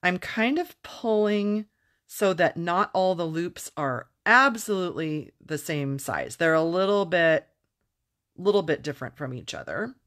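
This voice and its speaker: A middle-aged woman chatting casually as she demonstrates a papercraft project, self-deprecating and quick to laugh. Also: lowish voice, animated, a bit bright. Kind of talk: casual craft tutorial.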